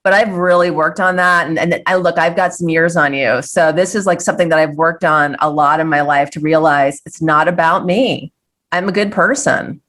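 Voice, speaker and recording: A woman's voice: low voice, fairly even intonation, moderate pace, a bit bright. A middle-aged woman speaking as a guest in a casual interview, earnest and reflective, often restarting her sentences. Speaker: guest, filmmaker.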